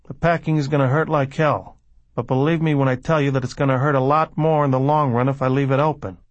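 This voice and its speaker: A man's voice: medium pitch, fairly even intonation, fast talker, dry recording, dull audio, close to an everyday voice. A man voicing a cool, clinical former doctor. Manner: precise and unsentimental.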